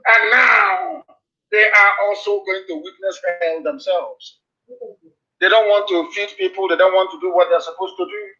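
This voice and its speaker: A man's voice: high voice, level tone, quick pace, hardly any pauses. A man giving a fiery live radio address, hammering out repeated warnings. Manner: forceful, repetitive warnings. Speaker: political broadcaster. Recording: dull lo-fi broadcast audio.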